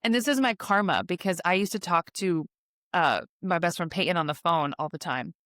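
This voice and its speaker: A woman's voice: on the low side, brisk, dry recording. Breathless chatty young woman podcast host. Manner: chatty, animated, laughs often. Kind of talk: casual chat.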